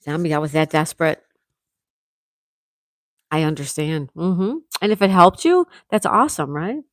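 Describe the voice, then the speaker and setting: A woman's voice: sits low, expressive, normal speed, no room sound, studio quality. A woman hosting a casual morning livestream, reading viewer comments aloud and chatting, with a sore throat. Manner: chatty, reads out comments, frequent laughs. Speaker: livestream host reading chat. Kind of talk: casual live chat with viewers.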